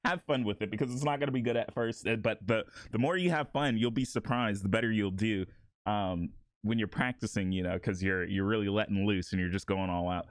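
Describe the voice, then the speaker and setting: A man's voice: lowish voice, a little fast, no room sound. A man talking casually through a voice acting tutorial, rambling a little with restarts. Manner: laid-back, rambling with many restarts and laughs.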